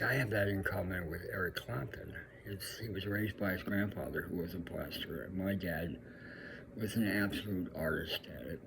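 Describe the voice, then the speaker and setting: A man's voice: low-pitched, noisy background. An older man from California, a professional musician, telling a rambling, fond story and acting out the lines of the people in it. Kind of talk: personal storytelling.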